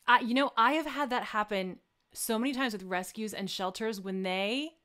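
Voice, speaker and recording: A woman's voice: on the high side, moderate pace, a bit bright. A woman co-hosting a live stream who reads out the chat and reassures her friend with sympathy. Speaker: co-host reading chat.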